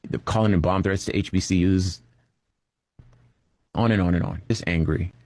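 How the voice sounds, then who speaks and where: A man giving political commentary on a reaction channel, measured and thoughtful, pausing and restarting as he thinks. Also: low-pitched, steady tone, a little mellow, dry recording, studio quality.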